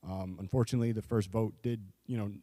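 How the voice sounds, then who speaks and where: A man's voice: lowish voice, fairly even intonation, quick pace, mellow, no room sound. A man consulting on a capital project. He presents to a school board in a conversational way, with restarts and frequent "right?". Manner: conversational, many restarts and tag questions. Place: public meeting room. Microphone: table microphone.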